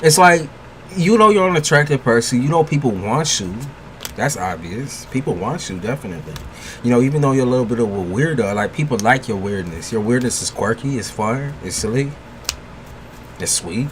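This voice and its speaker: This man reads tarot for viewers on a livestream. His talk is casual, profane and full of laughter, and his pitch rises and falls a great deal. When he reads the cards he turns blunt and frank. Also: lively intonation, fairly quick, a little hiss or hum. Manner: loose, joking and profane, laughs a lot; blunt, gives frank advice. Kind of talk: casual live chat with viewers, giving a tarot reading.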